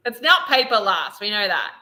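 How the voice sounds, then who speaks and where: A woman co-hosting a podcast, chiming in with quick, playful remarks. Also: mid-range voice, sing-song, bright, forceful tone, low-quality recording. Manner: quick interjections, playful teasing. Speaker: podcast co-host. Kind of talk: casual chat.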